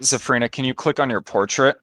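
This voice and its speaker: A man acting as dungeon master in an online tabletop game, calmly guiding players through the rules and narrating the action. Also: mid-range voice, brisk, no room sound.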